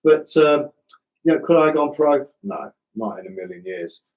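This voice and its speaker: A middle-aged man with a slightly hoarse voice, hosting a live stream in a casual, self-deprecating way and chatting with viewers like old mates. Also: fairly high pitch, expressive, normal speed, a little mellow, highs cut off. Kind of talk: casual live chat reading viewer comments.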